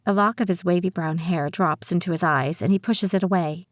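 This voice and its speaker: A woman reading a first-person audiobook with a steady, measured delivery. Her voice sits on the low side, and the sound is dry and close, with no room in it. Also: dry recording. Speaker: audiobook narrator.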